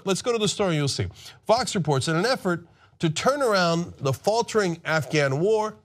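A man's voice: sits high, big pitch swings, fairly quick. A man hosting political commentary, ranting sarcastically and mocking others in put-on voices.

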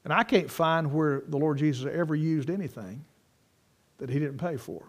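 A man preaching a sermon, swinging from loud ringing peaks to low, quiet storytelling. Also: moderate pace.

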